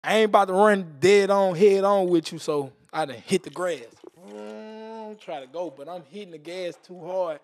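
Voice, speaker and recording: A man with a somewhat high-pitched voice spins a wild story as a podcast guest. His delivery is animated and rough-edged, heavy with profane slang. He punctuates the telling with spoken sound effects like "boom" and "vroom.". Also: moderate pace, hardly any pauses. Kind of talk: casual storytelling interview.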